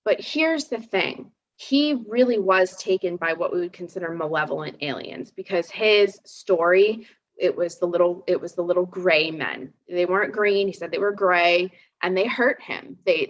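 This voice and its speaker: A woman in her thirties, a psychic guest in a casual live chat, telling stories in an animated way with many restarts and fillers. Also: on the low side, moderate pace. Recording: slightly dull lo-fi sound.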